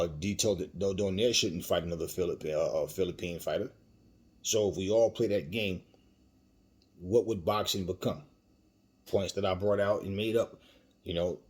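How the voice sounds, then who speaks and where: A man's voice: low-pitched, husky. A man hosting a boxing commentary channel, talking emphatically with rhetorical questions and frequent fillers. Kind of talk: opinionated commentary.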